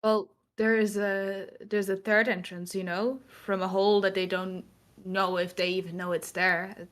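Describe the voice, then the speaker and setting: A woman's voice: mid-range voice, level tone, unhurried, fairly bright tone. Hesitant woman role-playing casually. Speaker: player. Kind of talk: casual role-play chat.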